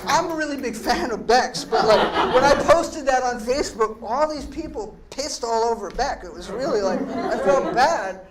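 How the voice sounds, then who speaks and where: A man's voice: extremely high pitch, lively intonation, normal speed, few pauses, over a noisy crowd. Middle-aged man rambling between poems. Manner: rambling, profane, self-deprecating asides. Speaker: poet and performer. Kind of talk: live spoken-word performance with banter. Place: art gallery, live performance. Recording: echoey room, distant mic, faint noise.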